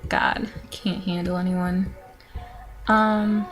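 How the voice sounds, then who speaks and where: A woman's voice: medium pitch, little pitch movement, slow, soft background music. A nineteen-year-old woman casually rambling through follower questions in a vlog, with lots of fillers, sighs and little laughs. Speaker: vlogger answering follower questions.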